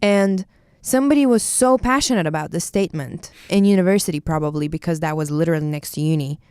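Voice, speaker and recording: A young woman in her twenties from Bulgaria, speaking English in a casual podcast chat, animated and opinionated. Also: sits low, clear, resonant tone, dry recording, studio quality. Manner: animated, opinionated, quick asides. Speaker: podcast co-host, university student.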